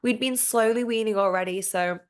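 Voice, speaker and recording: A woman's voice: a little high, brisk. A woman hosting her own podcast in a casual solo monologue. She talks candidly and gushingly, swears freely and fills her speech with "like" and "um". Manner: chatty with frequent "like" and "um" fillers. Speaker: podcast host.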